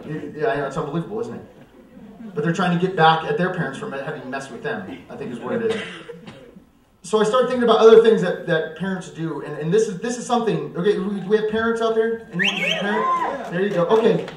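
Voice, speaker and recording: Brief: young male comic, high-voiced, self-mocking, recorded from across a roomy coffeehouse. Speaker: stand-up comedian. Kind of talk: live stand-up comedy. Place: church coffeehouse stage. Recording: roomy hall, mic far off.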